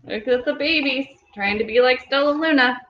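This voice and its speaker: A woman reading picture books aloud to young children at home, pausing gently to ask them questions. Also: high voice. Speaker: storytime reader. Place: home room with children nearby. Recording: echoey room, dull lo-fi audio.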